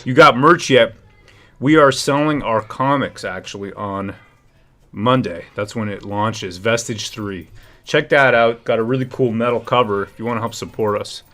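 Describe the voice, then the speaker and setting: A man's voice: fairly low pitch, moderate pace, sharp tone. Agitated ranting male streamer. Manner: agitated, rambling, frequent restarts. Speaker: livestream host. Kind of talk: ranting livestream commentary.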